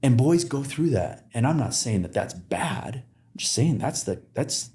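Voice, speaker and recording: A man's voice: medium pitch, big pitch swings, a little slow, warm tone. A man talking as a podcast guest, telling stories in a rambling way with many fillers and restarts. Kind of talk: casual conversation. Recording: roomy echo.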